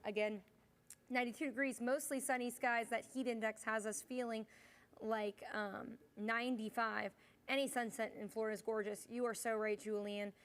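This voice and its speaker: A woman's voice: on the high side, little pitch movement, normal speed. Tired, chatty woman meteorologist. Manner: chatty, reads viewer comments, yawning and apologizing. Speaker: meteorologist, fill-in host. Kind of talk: casual live weather stream.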